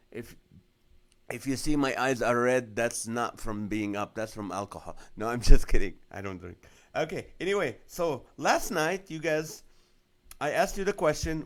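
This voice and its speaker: A man's voice: mid-range voice, fairly bright tone. A middle-aged man, a comedian, hosting a casual live stream from home, telling rambling stories with jokes and frequent laughs. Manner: joking, laughs often, rambling asides. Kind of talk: casual storytelling chat.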